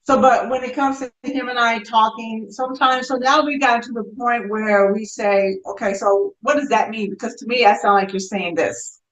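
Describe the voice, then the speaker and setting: A woman, a guest in a casual chat, speaks thoughtfully and often repeats words while she finds her thoughts. She sits some distance from the mic in a roomy space, so her voice carries a clear echo. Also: a little high, steady tone, moderate pace, hardly any pauses, highs cut off. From United States.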